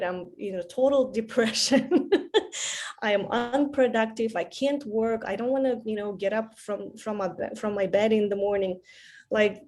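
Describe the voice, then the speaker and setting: Candid woman with a mellow voice. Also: fairly high pitch. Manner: candid, animated storytelling with laughs. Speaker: class participant, mother. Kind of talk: casual chat.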